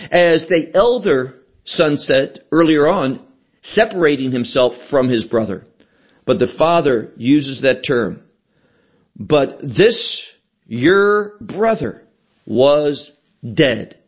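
Male radio Bible teacher, slightly high voice, deliberate, stresses every quoted verse. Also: slightly rough, muffled recording.

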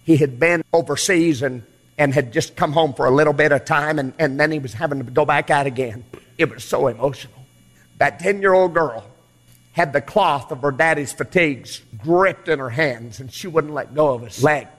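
A man preaching a revival sermon, fiery and dramatic, swinging from hushed storytelling to loud pleading questions. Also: fairly high pitch, normal speed, big-room sound. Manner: fiery, shifts from quiet to shouting. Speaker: evangelist preacher.

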